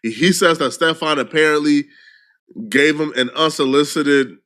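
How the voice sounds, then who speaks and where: A man hosting a gossip commentary show with a wry, knowing delivery. His voice is on the high side for a man and sounds bright and sharp. He reads out posts and checks in with listeners. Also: measured pace. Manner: wry, reads out quotes, asks "okay?". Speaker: host. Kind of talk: casual commentary.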